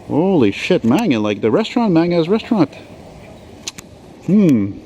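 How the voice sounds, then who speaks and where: A man's voice: on the high side, very animated, a little slow, mellow, lo-fi sound, a little hiss or hum. Rambling, sweary man in his forties. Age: 40s. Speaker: vlogger. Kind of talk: rambling walk-and-talk vlog. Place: outdoors on a city street. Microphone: handheld camera while walking.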